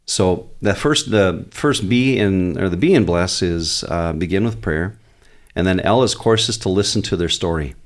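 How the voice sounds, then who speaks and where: Male pastor, deep voice, earnest teacher on a church podcast. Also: normal speed, hardly any pauses. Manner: earnest, teaching, quotes prayers aloud. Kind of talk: podcast guest explaining.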